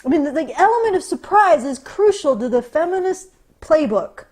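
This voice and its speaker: This woman's voice sits high with big pitch swings, moving at normal speed and sounding a little mellow. As a podcast co-host she rants casually, sarcastic and profane, often stopping to restart.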